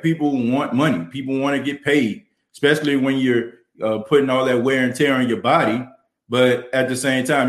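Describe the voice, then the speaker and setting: Brief: New Orleans male podcast host, mid-range voice, fervent and filler-heavy, echoey room. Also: medium pitch. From New Orleans, US South. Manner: fervent, motivational, many "you know" fillers. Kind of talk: livestream podcast talk, reading chat. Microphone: studio mic and camera.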